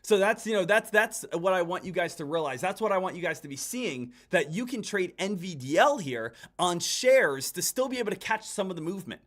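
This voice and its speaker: A man's voice: high voice, lively intonation, brisk, hardly any pauses, fairly bright tone. A man hosting a live day-trading stream, giving urgent, repetitive commentary and addressing viewers as guys. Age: adult. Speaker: day trader hosting a livestream.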